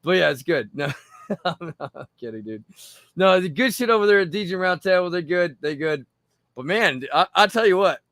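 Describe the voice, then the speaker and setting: A man's voice: fairly high pitch, fairly bright tone, dry recording. A tipsy man hosting a casual livestream, rambling and swearing between laughs. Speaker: livestream host.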